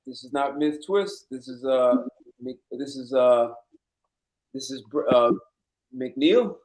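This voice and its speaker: A man's voice: medium pitch, slow, a little mellow, low-quality recording. A man hosting a casual live-stream chat show, playful and teasing with his guests. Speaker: host.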